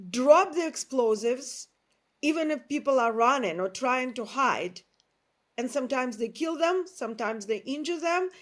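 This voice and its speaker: A woman journalist answering interview questions, hesitant with many fillers. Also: high-pitched.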